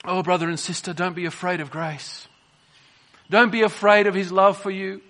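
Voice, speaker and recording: A man preaching a sermon, swinging between soft, drawn-out phrases and emphatic bursts. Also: high voice, level tone.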